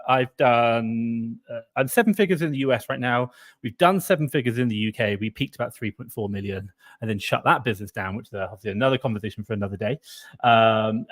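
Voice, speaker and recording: A man co-hosting a casual live stream over a video call, chatty and upbeat with quick asides. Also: medium pitch, fairly bright tone.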